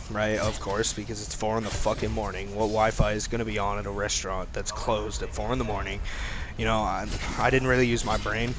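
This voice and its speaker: A man's voice: fairly low pitch, slight background noise. A young man vlogging, telling a rambling, profane story in casual slang.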